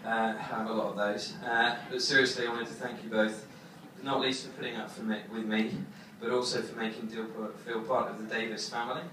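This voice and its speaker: A young man giving his wedding toast as the groom, halting with many fillers and fighting back tears. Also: medium pitch, little pitch movement, bright, forceful tone. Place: wedding reception hall. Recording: echoey hall from far off, crowd noise.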